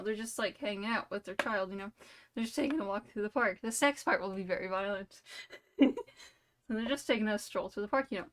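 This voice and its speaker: A woman's voice: mid-range voice, slight background noise. A woman streamer telling a silly made-up story during a live game, rambling and playful, full of "like" and "you know".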